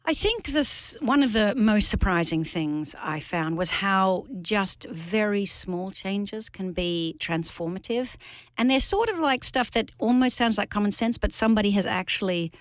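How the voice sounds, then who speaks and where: A woman's voice: mid-range voice, lively intonation, measured pace, no echo. A woman with an Australian accent from Sydney, an author talking as a radio guest, articulate and conversational. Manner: articulate and conversational, explaining ideas at length. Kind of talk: radio interview. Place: radio studio.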